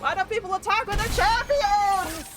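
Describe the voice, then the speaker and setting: A woman's voice: very high-pitched, moderate pace, loud music behind the voice. A woman streaming a card game, commenting as she plays and ranting with heavy swearing about her opponents. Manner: profane, ranting, exasperated. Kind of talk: live-stream gameplay commentary.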